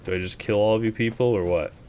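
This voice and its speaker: A man's voice: lowish voice, steady tone, fast, a little mellow, slight background noise. A man streaming a video game, talking through it in a casual, wry, sarcastic way. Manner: wry, sarcastic, laid-back. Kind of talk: casual gameplay commentary.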